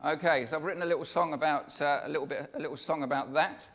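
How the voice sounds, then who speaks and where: A man's voice: a little high, fairly even intonation, fast talker, a bit bright. A man giving a live pre-concert talk, chatting and joking with the audience in between singing his poems. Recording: long hall reverb with music.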